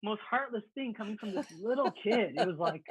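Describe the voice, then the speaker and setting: A man co-hosting a casual podcast, telling animated gaming stories with quick stammered restarts. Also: high-pitched, breathy edge, dry recording. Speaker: podcast co-host. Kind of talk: casual chat. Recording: phone-like line.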